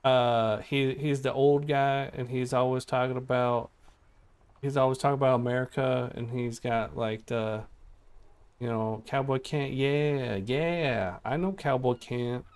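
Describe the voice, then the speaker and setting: Young guy streaming a game, chatty, keeps giggling, reads the dialogue out loud. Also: mid-range voice, steady tone, a little slow, clean tone. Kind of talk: casual gaming commentary.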